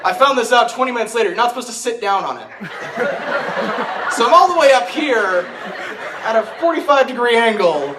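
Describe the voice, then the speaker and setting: A teenage boy performing a stand-up comedy routine at a school talent show, telling rambling, self-mocking stories with quick asides. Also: very high voice, animated, noisy background. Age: teens. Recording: echoey hall recording from far off, crowd laughing. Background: audience laughter.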